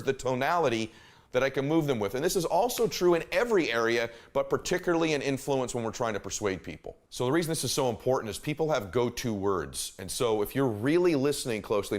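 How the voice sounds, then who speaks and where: A man speaking as a motivational speaker, his voice sitting at an ordinary middle pitch. He talks emphatically and circles back to the same phrases for weight. He speeds up, slows down and changes his loudness to show what he means. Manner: emphatic, repeats key phrases, shifts pace and volume to demonstrate. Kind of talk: motivational talk.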